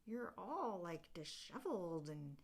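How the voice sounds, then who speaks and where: A woman voicing a group of gushing, flattering female fairies who fuss and insist, in a breathy sing-song manner. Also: on the low side, a little slow, exaggerated voice.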